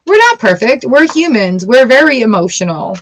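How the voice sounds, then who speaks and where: A woman's voice: a little high, sing-song, moderate pace, a little hiss or hum. A woman giving a casual live-stream tarot reading, chatty and blunt and swearing freely. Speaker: tarot reader.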